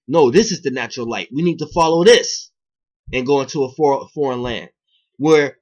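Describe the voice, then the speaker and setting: A man, delivering a rambling, profane spiritual monologue to his viewers, alternating loud emphatic bursts with low muttering. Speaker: video blogger.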